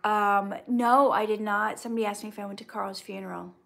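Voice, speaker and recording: A woman's voice: mid-range voice, steady tone, fairly quick, gravelly, a bit bright. A woman chatting through a casual livestream Q&A. She reads out her viewers' comments and answers each one in a friendly, chatty way. She gives earnest, faith-based advice and mixes it with light humor. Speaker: actress answering viewer questions.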